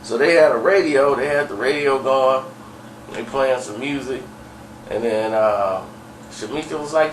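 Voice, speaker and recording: A man's voice: medium pitch, unhurried, a little hiss or hum. A man telling a story in a casual, rambling way with many fillers and chuckles. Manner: rambling, laughing, full of fillers. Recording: echoey room, far from mic, faint ambience.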